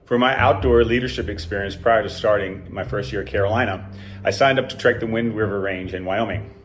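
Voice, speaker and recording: Low-voiced older man telling a wry story. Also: steady tone, brisk, slight background noise. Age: 60s. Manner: dry, self-deprecating storytelling. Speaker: alumnus telling a personal story. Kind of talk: scripted personal story reading.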